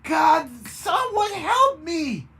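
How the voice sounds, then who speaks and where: A woman voicing a transforming woman who turns into a sea monster, speaking high and shaky and breaking into growls. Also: lively intonation, very slow, a bit bright, full character voice. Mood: shrieking.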